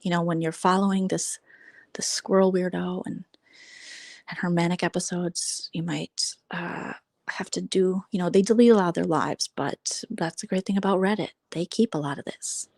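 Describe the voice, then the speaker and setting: A woman's voice: on the low side, steady tone, moderate pace, darkish tone, no echo, clean studio sound. An American woman hosting a casual livestream, giving sarcastic, gossipy commentary on online drama and thanking viewers for super chats. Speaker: livestream host.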